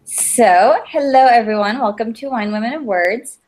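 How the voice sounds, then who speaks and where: A woman's voice: a little high, expressive, normal speed, darkish tone. A woman co-hosting a podcast, welcoming a guest and chatting in a rambling way. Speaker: podcast co-host. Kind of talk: casual chat.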